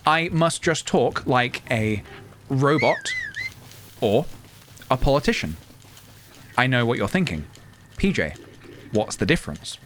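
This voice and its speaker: A man streaming a game live, talking in a wry, deliberate way and choosing his words carefully. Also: medium pitch, wildly swooping pitch, a bit bright, a little hiss or hum.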